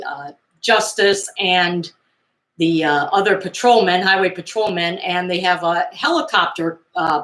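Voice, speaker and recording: A woman in her fifties casually recapping old movies in a chatty, animated way, acting out quotes as she goes. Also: lowish voice, roomy sound. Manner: chatty, animated retelling with acted-out quotes and laughs.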